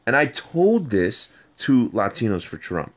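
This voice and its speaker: A man in a played clip tells a rambling personal story, animated and repetitive. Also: mid-range voice, unhurried. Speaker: video subject ranting about an ex.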